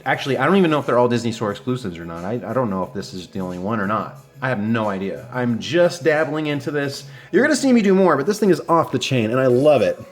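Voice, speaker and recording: A man's voice: mid-range voice, big pitch swings, quick pace, few pauses, soft background music. A man casually reviewing a collectible action figure, enthusiastic and chatty, with fillers and restarts. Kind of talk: casual unboxing talk.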